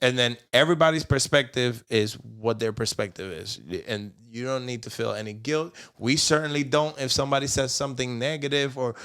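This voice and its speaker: A man's voice: mid-range voice, brisk, few pauses, a bit bright, clean tone. A young man co-hosting a podcast in casual chat, joking and teasing. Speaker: podcast co-host.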